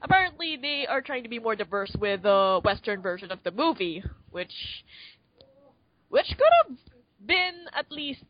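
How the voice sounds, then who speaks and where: A woman's voice: on the high side, sing-song, normal speed, no room sound, dull audio. A woman co-hosting a podcast, chatting casually about a movie, rambling with lots of fillers and restarts. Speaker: podcast co-host. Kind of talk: casual movie review chat.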